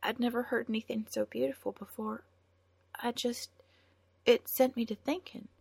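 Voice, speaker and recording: A woman voicing a frightened, half-starved teenage girl who speaks in a high, trembling, countrified way. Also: level tone, moderate pace, gravelly, a little mellow, breathy edge, dry recording. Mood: earnest.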